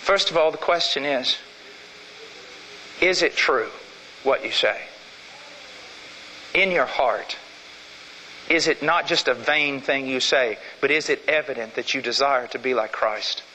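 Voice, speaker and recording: A man's voice: unhurried, pauses often, a little hiss or hum. Fervent preacher man in a reverberant hall. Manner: fervent, repeats phrases for emphasis, swings from loud to low. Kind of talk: sermon.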